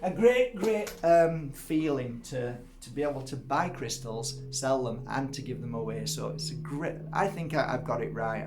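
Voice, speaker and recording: A man showing off his crystals in a casual video, gushing with exclamations and squealing up high in delight. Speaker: crystal seller and workshop host. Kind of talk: casual show-and-tell video.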